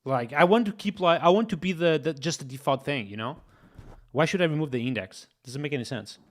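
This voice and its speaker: Brisk and expressive, a young man with a slightly high voice narrates his coding on a live stream. He thinks out loud, repeats himself, and speaks directly to his chat in a casual manner.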